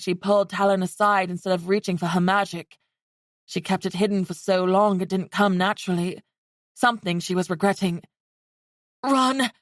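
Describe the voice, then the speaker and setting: A woman narrating a fantasy romance audiobook in a steady, even storytelling way. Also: medium pitch, no echo, clean studio sound.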